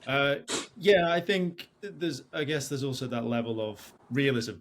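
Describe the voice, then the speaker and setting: A man hosting a podcast, asking questions in a casual, halting way with fillers. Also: mid-range voice. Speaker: podcast host. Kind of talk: conversational interview questions. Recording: clear background noise.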